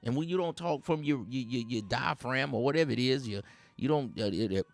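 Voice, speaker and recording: A man's voice: medium pitch, brisk, creaky, soft background music. A man hosting a satirical dating-advice monologue, talking in streetwise slang and rambling like a preacher, chuckling between his points. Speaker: host.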